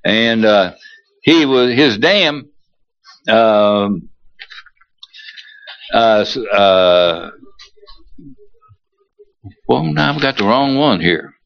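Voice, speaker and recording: A man's voice: lowish voice, animated, drawn-out words, creaky, long pauses, muffled recording. An older man hosting a radio show, who rambles and hesitates in a folksy way before reading an article aloud. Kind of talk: casual reading aloud on air.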